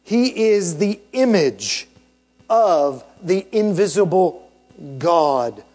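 A man preaching a sermon in a notably high voice. He speaks slowly and deliberately, stressing key words and checking in with "right?" after each point. His delivery is emphatic and teaching. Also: expressive, darkish tone, soft background music. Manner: emphatic, asks the congregation rhetorical questions and tags "right?". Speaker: pastor.

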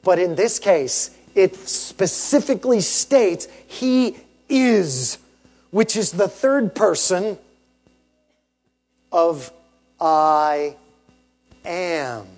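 A man preaching a sermon as pastor, emphatic and measured, often tagging his points with "right?" and asking the congregation rhetorical questions. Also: sits high, expressive, a little mellow, faint music behind.

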